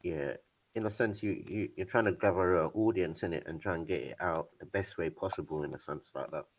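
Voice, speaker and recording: A man's voice: low voice, a little fast, poor audio. A man in a casual debate, explaining his view steadily and patiently.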